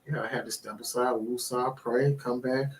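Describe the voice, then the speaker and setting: A man's voice: medium pitch, fairly even intonation, moderate pace, low-quality recording. A man telling a work story in casual chat, acting out the people he quotes. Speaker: guest.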